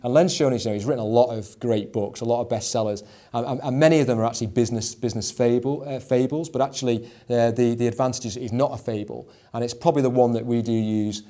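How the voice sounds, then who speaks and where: A man leads a discussion on leadership in his role as a schools executive director, often stumbling over repeated words and filling gaps with "you know." His voice is medium in pitch and warm, with a steady tone and a quick pace.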